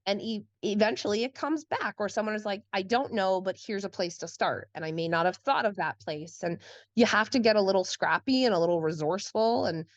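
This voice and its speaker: Woman co-host, casual and chatty, heavy on "like" fillers, mid pitch, dry and slightly muffled audio. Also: fairly quick, no echo. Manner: chatty, frequent "like" fillers, acts out quotes. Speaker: podcast co-host. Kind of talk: casual conversation.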